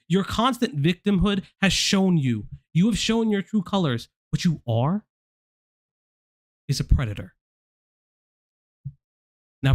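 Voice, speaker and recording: A man with a fairly high voice delivers a heated, profane commentary rant. His tone is blunt and lecturing. The sound is dry and close, with no room around it. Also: dry recording. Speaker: commentary streamer.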